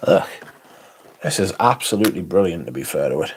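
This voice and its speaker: A man's voice: sits low, big pitch swings, brisk, slight background noise. A man hosting a livestream, casually chatting and reading out viewer comments in a rambling way at home. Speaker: livestream host reading chat. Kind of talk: casual chat. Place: home room.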